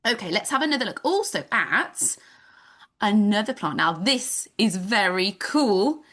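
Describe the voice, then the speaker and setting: A home education teacher runs an online nature class for kids over a video call, bubbly and sing-song. Her voice is medium-pitched, expressive and fairly bright, and she takes her time.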